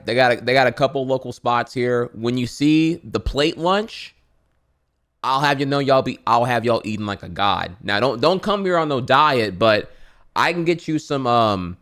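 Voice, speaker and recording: A man's voice: mid-range voice, moderate pace, fairly bright tone. Rambling, profane Louisiana man. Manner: profane, rambling, many restarts. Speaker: streamer reacting to videos. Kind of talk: casual rambling chat.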